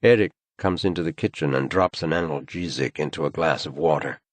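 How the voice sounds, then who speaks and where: A man narrating an audiobook thriller, with an expressive storytelling delivery. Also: extremely low pitch, fairly quick, dry recording. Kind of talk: scripted narration.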